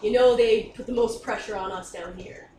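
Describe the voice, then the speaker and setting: A woman's voice: medium pitch, steady tone, moderate pace, close to an everyday voice. A woman playing an earnest, dutiful female police officer in a tabletop game, speaking plainly. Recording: roomy room, distant mic, crowd noise.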